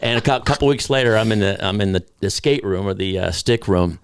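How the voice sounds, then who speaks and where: A man with a fairly low voice tells relaxed stories as a podcast guest, chuckling now and then. The sound is dry and close, with no room around it. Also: a little fast, clear, resonant tone, no echo. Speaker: podcast guest, hockey team PR director. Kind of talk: casual chat.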